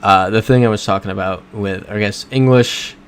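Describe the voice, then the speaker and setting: Low-voiced man chatting on a livestream. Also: fairly even intonation, normal speed, clear, resonant tone. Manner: rambling, self-correcting, chatty with chat. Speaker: livestream host playing a geography game. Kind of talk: casual livestream chat. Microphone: desk microphone.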